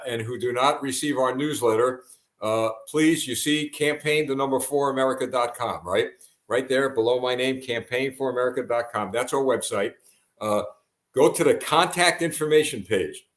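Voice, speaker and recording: Man, talk show host, earnest, halting, echoey room. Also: medium pitch. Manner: halting, many fillers and restarts, earnest. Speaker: host of a live broadcast. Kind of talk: live broadcast talk.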